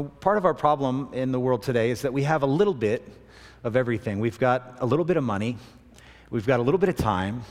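A man preaching a sermon in a relaxed, conversational way, mixing scripture with self-deprecating stories. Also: medium pitch, big-room sound. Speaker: pastor.

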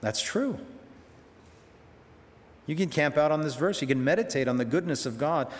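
A man preaching a sermon, animated, acting out quoted prayers with sudden leaps in pitch. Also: normal speed. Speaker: pastor. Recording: long hall reverb.

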